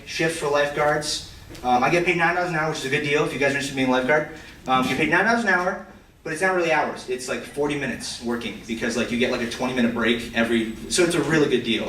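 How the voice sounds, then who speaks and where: A teenage boy doing stand-up, rambling and self-deprecating, stumbling over restarts and jumping into high squeaky voices when he quotes people. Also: fairly bright tone, a little hiss or hum. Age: teens. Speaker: student stand-up comic. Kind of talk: stand-up storytelling. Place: school auditorium stage. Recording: echoey hall, from far off. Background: audience laughter.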